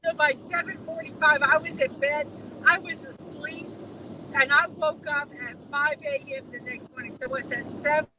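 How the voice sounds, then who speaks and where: Chatty high-voiced woman in a noisy car. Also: big pitch swings, normal speed. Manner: chatty, rambling, laughs easily. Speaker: co-host of a live driving stream. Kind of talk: casual chat.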